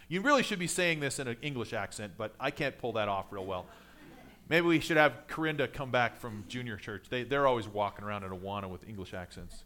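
A male pastor preaching a sermon in a conversational way, building to emphatic points and then dropping low and quiet. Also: lively intonation, a little fast.

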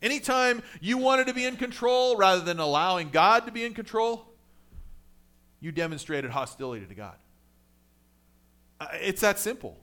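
A man with a high, bright voice preaching to his congregation. He talks in a conversational way, pressing his points with force and then letting his voice fall low and soft. His pitch sits well above most men's. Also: sing-song, normal speed, pauses often. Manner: conversational preaching, rising emphatic then dropping low and quiet. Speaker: pastor. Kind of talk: sermon.

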